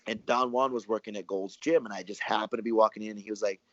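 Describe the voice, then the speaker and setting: Man, low voice, rambling storyteller, dry muffled audio. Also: quick pace, no echo. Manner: rambling, animated, acts out quoted dialogue. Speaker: professional wrestler and guest. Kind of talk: casual storytelling interview.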